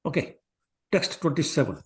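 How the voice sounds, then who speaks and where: Speaking at a moderate pace in an expressive, higher-than-average voice, a man leads a scripture class lecture. He tells the stories casually, wanders into digressions, and performs the quotes as he goes.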